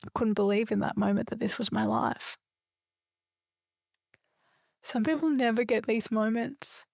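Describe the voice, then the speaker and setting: A woman's voice: fairly high pitch, measured pace, gravelly, darkish tone, dry recording, studio quality. A woman hosting a solo podcast, talking in an earnest, emphatic, reflective way. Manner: earnest, emphatic and spiritual, with a few loose swears. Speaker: podcast host.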